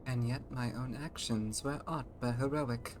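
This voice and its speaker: Breathy solemn game hero , woman putting it on, low, formal olde speech, soft. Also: measured pace, noisy background. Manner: formal, archaic phrasing. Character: earnest, self-doubting fantasy companion reciting lore. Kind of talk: voicing game dialogue aloud.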